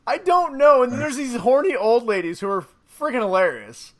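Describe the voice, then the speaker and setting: A man co-hosting a podcast, excitedly rambling through a movie review in casual chat and laughing often. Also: very high-pitched, a little slow, crowd noise.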